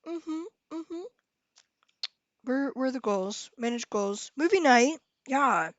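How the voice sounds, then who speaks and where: A young woman with a high voice chats unhurriedly on her live stream, giggling as she reads viewer messages aloud. The audio is dull and lo-fi, with a dry, close sound. She keeps it casual and playful. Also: expressive, takes it slowly, dry recording.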